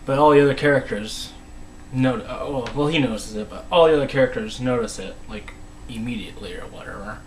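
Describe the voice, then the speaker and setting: A man's voice: medium pitch, fast, a little hiss or hum, low-quality recording. A man casually recapping a TV episode, rambling with many restarts and voice dropping to a mumble. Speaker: episode reviewer.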